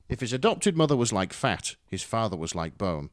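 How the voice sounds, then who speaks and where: Man giving a lively story reading. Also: on the low side, a little fast, few pauses, no room sound, clean studio sound. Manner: dramatic, wry narration. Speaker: story reader. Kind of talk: expressive fan fiction reading.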